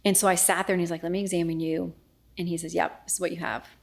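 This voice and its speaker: A middle-aged woman recounts a personal ordeal as an interview guest, earnest and often falling to a near-whisper when she replays a conversation. Her voice sits a little low, with a gravelly fry. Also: level tone, quick pace. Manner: earnest, reenacts dialogue, often drops to a hushed voice. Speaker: news anchor and guest. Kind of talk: emotional personal storytelling in interview.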